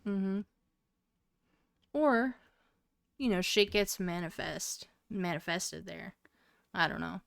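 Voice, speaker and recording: In a slow, creaky, mid-range voice with long pauses, a woman in her twenties co-hosts a podcast; her tone is clear and resonant, recorded at studio quality without room sound. She rambles through a casual story, cursing a lot and using many fillers.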